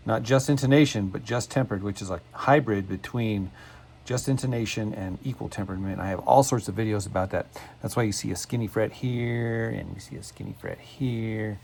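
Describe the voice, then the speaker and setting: A man's voice: lowish voice, vocal fry, darkish tone, slight background noise, low-quality recording. A man with a folksy, rambling manner who often repeats himself, giving a casual step-by-step demonstration at his workbench in a home workshop. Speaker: cigar box guitar builder.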